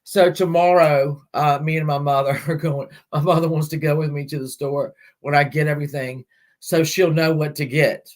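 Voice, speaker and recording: A woman's voice: sits low, fairly even intonation, moderate pace, darkish tone. A middle-aged woman hosts a casual livestream, talking straight to her viewers. She rambles from one story to the next, laughs a lot and lets a mild swear word slip now and then. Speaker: livestream host.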